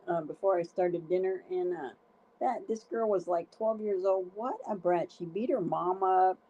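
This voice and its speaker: A woman's voice: medium pitch, mellow, lo-fi sound. A woman co-hosting a livestream from home, chatting casually and exclaiming often. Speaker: livestream co-host. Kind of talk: casual chat. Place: indoors at home with a dog.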